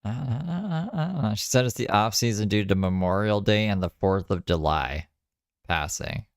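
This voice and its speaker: A man's voice: lowish voice, expressive, normal speed, no room sound, studio quality. A man hosting a stream, reacting to clips with blunt, sarcastic, profane commentary. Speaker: stream host.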